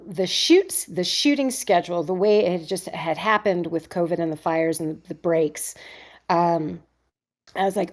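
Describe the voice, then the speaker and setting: Candid middle-aged woman telling a story. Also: lowish voice. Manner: animated, acts out others' lines in voices, frequent restarts. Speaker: interview guest, actress.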